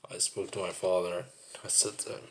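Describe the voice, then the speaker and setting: A man telling a personal story in a rambling, repetitive, reflective monologue. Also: low voice.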